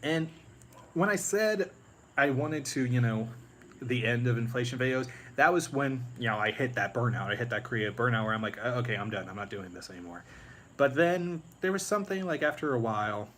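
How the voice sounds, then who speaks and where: Man, casual live-stream host, rambling delivery, lots of fillers, mid pitch, faint background noise. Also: animated, normal speed, fairly bright tone. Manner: rambling, many fillers, breaks into movie-quote impressions. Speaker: YouTube creator on a live stream.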